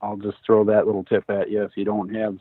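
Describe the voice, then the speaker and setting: Man with a lowish voice chatting on a podcast, sounds dry and tinny like a phone line. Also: monotone, a little fast, dry recording. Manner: gives practical advice, affirming. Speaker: podcast co-host. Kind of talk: casual chat.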